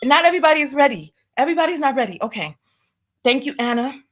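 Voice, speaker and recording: A woman's voice: high-pitched, animated, quick pace, fairly bright tone. A woman hosting a casual livestream, nervous and stalling, repeating herself as she reads viewer comments aloud. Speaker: livestream host.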